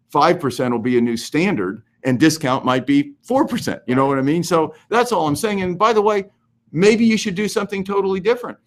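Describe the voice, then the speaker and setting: Animated man hosting a live real estate Q&A. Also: a little high. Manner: animated, emphatic, goes overboard. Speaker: host answering real estate questions. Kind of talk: live Q&A, casual advice.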